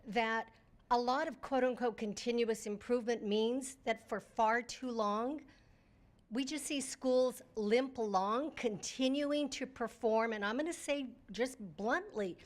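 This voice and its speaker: Brief: female charter school leader, higher voice, direct and argumentative, stops and restarts. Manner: blunt and argumentative, with halting restarts. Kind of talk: meeting discussion. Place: conference room.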